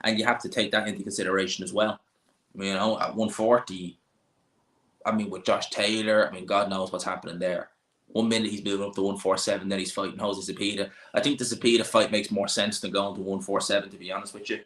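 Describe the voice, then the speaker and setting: A man's voice: fairly low pitch, level tone, fast, a bit bright. A young Irish man hosting a boxing channel, chatting casually and opinionated, thinking aloud with lots of fillers. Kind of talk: casual live chat answering viewers. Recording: roomy echoey room.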